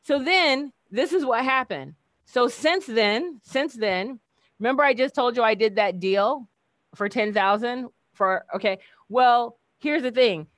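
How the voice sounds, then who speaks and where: Woman guest, fairly high voice, lively chatty storyteller who acts out the quotes, dry close sound. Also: unhurried, no echo. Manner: animated, acts out quoted dialogue, laughs often. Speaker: keynote speaker, guest. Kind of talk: casual storytelling chat.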